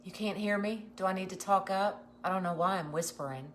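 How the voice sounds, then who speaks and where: A woman's voice: mid-range voice, brisk, few pauses, slight background noise. A woman hosting a casual craft livestream, greeting viewers and chatting with many ums and restarts. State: nervous.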